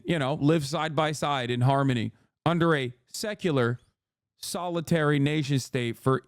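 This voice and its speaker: A man's voice: on the high side, no room sound, clean studio sound. A man streaming live commentary, arguing back at his chat in a heated and sarcastic way. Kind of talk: livestream commentary.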